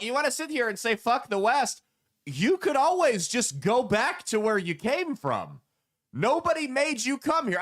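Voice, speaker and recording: A man's voice: high voice, fairly bright tone. A man hosting political commentary, ranting with sarcastic, profane, heated delivery.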